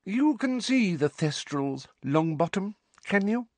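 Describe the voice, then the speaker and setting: A man voicing a condescending middle-aged woman inspector who talks slowly and loudly in an audiobook. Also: sits high, big pitch swings, no room sound, pitched above the performer's own voice, exaggerated voice. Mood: patronizing. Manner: slow, loud, over-enunciated.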